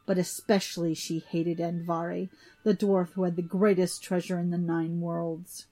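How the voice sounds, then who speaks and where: A woman reading an old myth aloud in an even, deliberate storytelling manner. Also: on the low side, soft background music.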